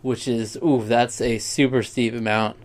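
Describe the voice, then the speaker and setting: Young male vlogger, mid-pitch voice, casual and meandering, talks earnestly and loses his thread. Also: steady tone, measured pace. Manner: rambling, sidetracked, heartfelt. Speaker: YouTuber. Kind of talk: casual vlog monologue.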